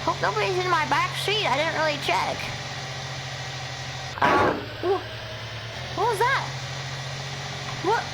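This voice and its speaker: A young woman streaming horror games live, talking excitably and profanely and shrieking at the scares. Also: extremely high pitch, slow pace, gravelly, pauses often, heavy background noise. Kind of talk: live gameplay commentary.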